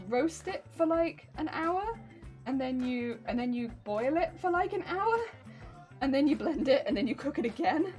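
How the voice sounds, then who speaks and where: This English crafting streamer speaks with a high but darkish voice. She rambles and giggles playfully as she talks casually to her audience and reads their chat out loud.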